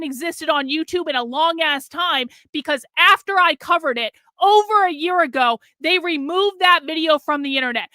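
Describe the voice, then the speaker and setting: A woman's voice: high voice, moderate pace, few pauses, bright, forceful tone, no room sound, clean studio sound. A middle-aged woman on a live stream, ranting in fury, swearing and repeating herself. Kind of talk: angry live stream rant.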